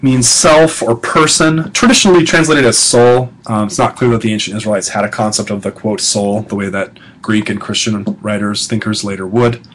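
A male professor gives a recorded lecture in a conversational way, repeating each vocabulary word slowly and tossing in casual asides. His fairly low, steady voice is a bit bright, over poor audio with a little hiss or hum.

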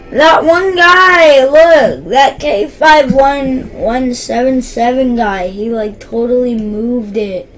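A young woman giving excitable gameplay commentary, gasping and yelping at every play. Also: high voice, takes it slowly, few pauses, soft background music. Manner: yelps, gasps and shouts at each play. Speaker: gaming YouTuber.

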